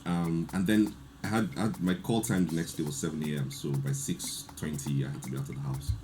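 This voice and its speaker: A man, telling a lively story in casual chat and acting out the quotes. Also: extremely low pitch, a little fast, a little hiss or hum. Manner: animated storyteller, laughs often, acts out quotes. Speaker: podcast guest.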